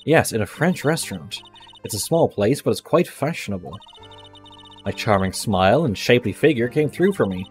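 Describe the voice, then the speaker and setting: An earnest young former policewoman with bad luck, as a man reads her lines aloud. She is sincere and self-pitying but polite, and she tacks "sir" onto her sentences. Soft music plays faintly under the game dialogue. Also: mid-range voice, expressive, normal speed, close to an everyday voice. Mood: cheerful. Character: unlucky cheerful young woman, a fired ex-policewoman.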